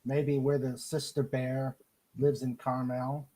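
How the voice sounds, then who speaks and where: A woman's voice: rumbling low, level tone, slow, warm tone, rough recording. A woman hosting a casual chat, reading viewer comments aloud and laughing along. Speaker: host.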